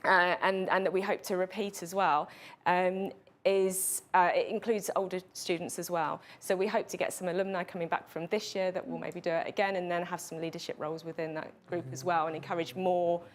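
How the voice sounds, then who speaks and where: British woman, lowish voice, curriculum specialist on a panel, earnest. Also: flat delivery, fairly quick. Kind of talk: panel discussion answer.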